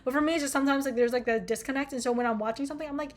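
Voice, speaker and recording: A woman's voice: high-pitched, steady tone, rapid-fire. A young American woman in her twenties chatting casually about music, rambling, swearing and mocking herself. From United States. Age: young adult. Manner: rambling, profane, self-mocking. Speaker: vlogger. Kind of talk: casual chat.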